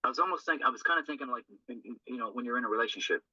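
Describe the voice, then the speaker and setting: Earnest man with a bright, lo-fi voice. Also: mid-range voice, expressive, rapid-fire, husky, no echo. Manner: earnest, rambling, tag questions. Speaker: recovery group speaker. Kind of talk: informal talk on a recovery text. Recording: dull lo-fi dry recording.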